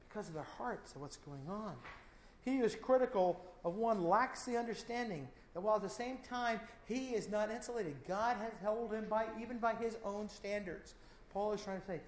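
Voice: medium pitch, darkish tone, roomy sound, a little hiss or hum, poor audio. A Bible teacher preaching a verse-by-verse sermon, emphatic and full of rhetorical questions.

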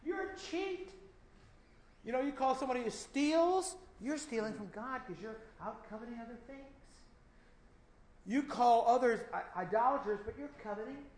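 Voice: mid-range voice, a little mellow, reverberant, low-quality recording. A Bible teacher preaching a verse-by-verse sermon, emphatic and full of rhetorical questions.

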